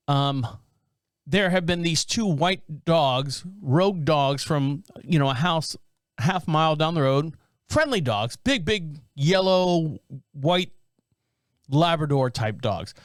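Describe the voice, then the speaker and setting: A man's voice: a little high, dry recording. A man in his thirties hosting a podcast, telling a rambling story in a casual, conversational way. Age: 30s. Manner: rambling, conversational, with animated quoted voices. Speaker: podcast host. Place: home studio near Charlotte.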